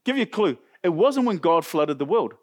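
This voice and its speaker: A New Zealand man preaching at a church service, his voice sitting high and bouncing all over the place. He jokes with the congregation and quizzes them as he goes, animated and warm-hearted. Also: normal speed, breathy edge. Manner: animated, jokey, talks to congregation. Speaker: pastor. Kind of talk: sermon.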